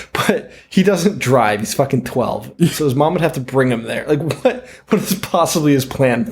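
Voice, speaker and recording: A man's voice: medium pitch, normal speed, few pauses, a little hiss or hum. Laughing, joking podcast co-host, a man. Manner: laughs often, profane, relaxed banter. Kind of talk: casual movie discussion.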